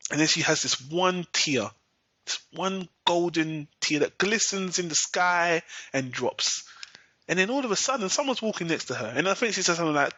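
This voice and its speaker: A man's voice: sits high, lively intonation, moderate pace, sharp tone, dry recording. A man hosting a podcast, recapping an episode in a sarcastic, profane, exasperated way. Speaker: podcast host. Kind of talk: casual recap and rant. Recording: dull lo-fi recording, dry.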